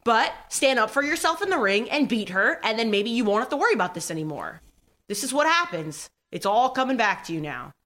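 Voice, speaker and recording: A woman's voice: a little high, fairly quick. Firm, lecturing woman co-host. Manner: firm, lecturing, calm but pointed. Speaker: radio show co-host. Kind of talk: heated on-air argument.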